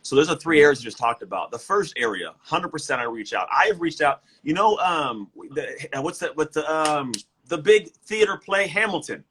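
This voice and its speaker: A man who is a motivational speaker and coach, talking in an energetic, emphatic way and often repeating words. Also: a little high, moderate pace, few pauses, husky, poor audio. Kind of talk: casual motivational talk. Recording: livestream guest.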